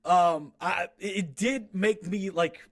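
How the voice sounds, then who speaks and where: A young man takes it slowly as he critiques his own rap track from a small home recording room, his voice sitting high with a fairly bright tone. He is casual, rambling, frank and self-deprecating, with lots of restarts.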